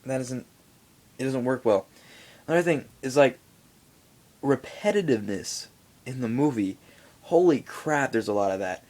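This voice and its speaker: A man's voice: mid-range voice, normal speed, pauses often. A young man giving a casual, rambling movie review in a home vlog, full of fillers and asides. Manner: rambling, animated, many fillers.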